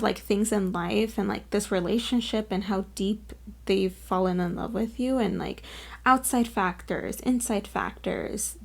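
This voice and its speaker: Chatty woman reading tarot, vocal fry. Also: fairly high pitch, a little mellow. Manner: chatty and effusive, full of "like" and "you guys"; earnest and openly moved while reading. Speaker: tarot reader. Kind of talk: casual pick-a-card tarot reading to camera.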